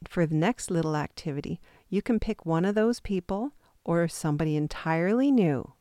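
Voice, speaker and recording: A woman calmly and patiently leading a guided intuition exercise step by step, with the odd self-deprecating aside. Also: on the low side, moderate pace, dry recording, studio quality. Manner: calm, patient step-by-step instructions. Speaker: intuition teacher.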